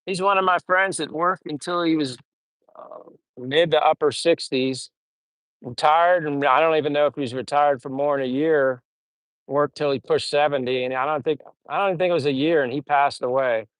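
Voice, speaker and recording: A middle-aged American man with a plain General American accent, hosting a casual livestream and reading viewer comments in a relaxed, rambling way with many fillers. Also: on the high side, moderate pace, clean tone, no room sound. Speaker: livestream host.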